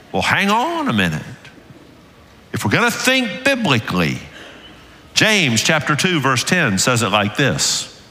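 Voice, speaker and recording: A man's voice: medium pitch, wildly swooping pitch, normal speed, bright, forceful tone. An older man with a Southern US accent preaching a sermon as lead pastor, earnest and building to emphatic peaks. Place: church sanctuary. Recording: reverberant church hall.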